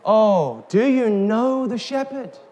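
A man preaching a sermon, slow and emphatic, calling out questions to the congregation. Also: high-pitched, animated, mellow. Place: church hall. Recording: reverberant hall with faint noise.

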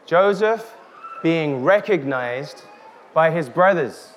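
A man preaching a sermon, slow and emphatic, calling out questions to the congregation. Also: a little high, animated. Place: church hall. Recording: reverberant hall with faint noise.

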